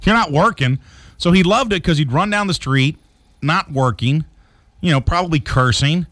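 A man's voice: fairly high pitch, normal speed, fairly bright tone, dry recording. A man co-hosting a radio show, rambling through a news story with jokes and asides. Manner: jokey, rambling, slips into silly accents. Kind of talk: casual comedic radio banter.

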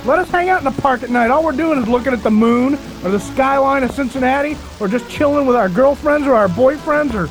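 A man's voice: very high-pitched, expressive, fairly quick, few pauses, faint music behind, rough recording. A man co-hosting a casual radio talk show, brash, mocking and opinionated.

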